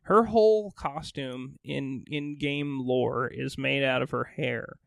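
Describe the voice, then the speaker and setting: A man's voice: mid-range voice, takes it slowly, gravelly, no room sound. A young man co-hosting a gaming podcast in casual chat, laid-back and peppering his talk with "like" and swearing. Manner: laid-back, filler-heavy with lots of "like" and swearing. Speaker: podcast co-host.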